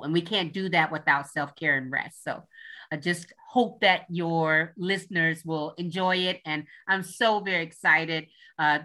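A woman guest on an interview show, a leadership coach talking with upbeat enthusiasm and spelling things out slowly. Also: sits low, sharp tone.

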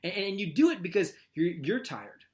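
A man chatting casually about parenting, animated and quick to stammer over repeated words. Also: sits high.

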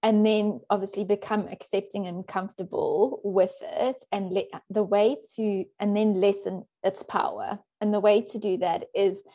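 A woman coach answers interview questions in a thoughtful way, laughing softly and restarting her sentences. Her voice is mellow and warm. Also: mid-range voice, little pitch movement, moderate pace, hardly any pauses. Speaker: coach for introverted women. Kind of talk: interview guest.

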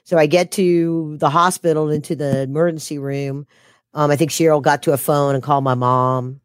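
A woman's voice: low voice, fairly even intonation, normal speed, clear, resonant tone, no room sound, studio quality. A woman telling a personal story as an interview guest, her voice rising when she quotes herself.

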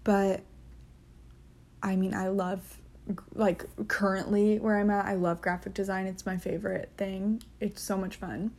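A young woman talks unhurried and loose on her solo podcast, filling pauses with ums and gushing over the things she loves. Her tone is soft and mellow rather than bright, and her pitch sits in an ordinary middle range. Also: level tone. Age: young adult. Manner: chatty and earnest, with frequent ums and gushing. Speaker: podcast host. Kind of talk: casual solo podcast chat.

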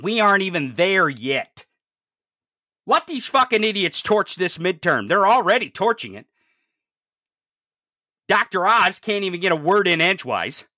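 A commentator delivering an angry, profanity-heavy political rant, swinging from low growls to shouts. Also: sing-song, unhurried, long pauses, no echo, clean studio sound.

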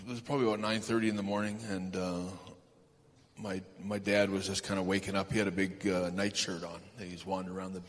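A man being interviewed on a live stage, telling anecdotes in a rambling, halting way with lots of fillers and chuckles. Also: deep voice, little pitch movement. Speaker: guest. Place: large event hall stage. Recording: reverberant hall, faint ambience.

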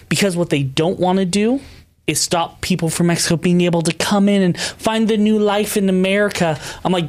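A man's voice: high voice, normal speed. A man co-hosting a podcast, talking in an emphatic, heated way, tired after a long day. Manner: emphatic, rises sharply when incensed. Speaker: podcast co-host. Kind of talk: heated opinion talk.

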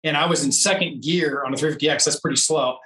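A man telling a long personal story in a casual interview, animated and laughing often. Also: a little high, quick pace, reverberant, recorded from a distance, rough recording. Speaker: interview guest, off-road racer.

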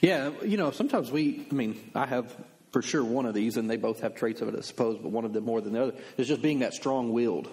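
Southern pastor, laid-back asides, gravelly, medium pitch. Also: male voice, quick pace, darkish tone, low-quality recording. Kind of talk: casual conversation in a church talk.

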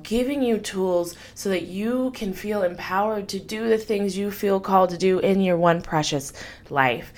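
A woman hosting her own life-coaching podcast, talking in an upbeat, chatty, encouraging way. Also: mid-range voice. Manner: upbeat, chatty, warm enthusiasm with frequent laughs. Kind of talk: motivational podcast monologue.

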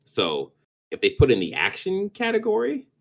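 A man's voice: high-pitched, wildly swooping pitch, normal speed, creaky. A man co-hosting a casual gaming podcast, rambling and stumbling over words, often restarting and laughing. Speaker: podcast co-host.

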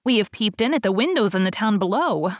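Eager little sparrows chatter over each other's news, as a woman reads them. The delivery is quick-hearted and bright in intent, in a dry, close recording. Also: medium pitch, lively intonation, no echo, lightly acted.

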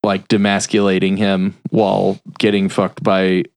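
A man's voice: sits low, completely flat delivery, a little slow. A man hosting a podcast, casually retelling a film's plot and briefly doing voices for the characters. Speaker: podcast host. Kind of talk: casual film recap.

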